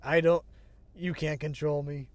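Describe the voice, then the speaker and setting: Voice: medium pitch, little pitch movement, a little slow, a little mellow, dry recording. An agender streamer rambling in casual livestream chat. They swear casually, laugh often and make fun of themselves. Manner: self-deprecating, restarts sentences. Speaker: streamer, show host.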